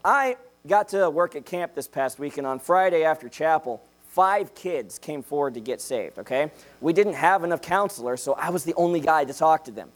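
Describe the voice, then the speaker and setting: A young man preaching a sermon in a jokey, animated way, checking in with "okay?" after each point. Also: on the high side, moderate pace.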